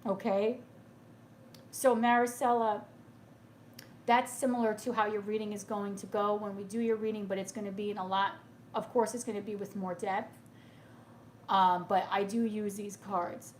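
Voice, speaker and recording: Her voice is mid-range, with a flat delivery, a moderate pace, and frequent pauses, over a little hiss or hum. Reading tarot live for viewers, she sounds tearful and emotional while reassuring them soothingly and repeatedly asking "okay?"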